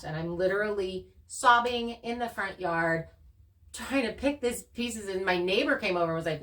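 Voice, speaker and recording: A woman co-hosting a channel, casually talking through her experiences in an earnest, animated way. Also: lowish voice, moderate pace, far from the mic. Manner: earnest, animated storytelling with laughs. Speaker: channel co-host. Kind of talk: casual conversation.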